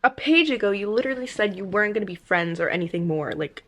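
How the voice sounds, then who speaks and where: A young woman talking to her camera about a novel she's reading. She chats casually, often breaks off to read passages aloud, and reacts with animated disbelief at what the characters do. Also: mid-range voice, brisk. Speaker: book vlogger.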